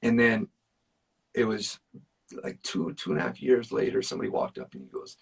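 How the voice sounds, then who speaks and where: A man's voice: lowish voice, big pitch swings, fairly quick, vocal fry, breathy edge, recorded from a distance. A man, a musician guest, telling personal stories in casual chat, earnest and emphatic, with plenty of fillers. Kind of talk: casual storytelling.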